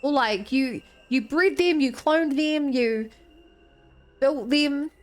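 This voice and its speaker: A woman's voice: high voice, slow. A woman streaming a game, thinking aloud about the story with lots of "like.". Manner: thinking aloud, musing, many "like"s. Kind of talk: live game commentary.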